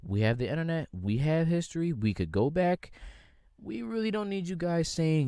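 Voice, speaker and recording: A man's voice: on the high side, lively intonation, moderate pace, darkish tone, smooth, no room sound, studio quality. A young man from the United States hosting a podcast, ranting in a casual, rambling, slangy way with lots of swearing. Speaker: podcast host. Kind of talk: casual solo rant.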